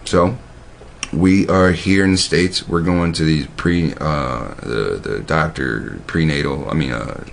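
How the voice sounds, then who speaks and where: A man's voice: extremely low pitch, slow pace, creaky, a little hiss or hum. A man telling profane, meandering stories in a casual monologue, often restarting his sentences. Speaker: video host. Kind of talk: casual rambling storytelling.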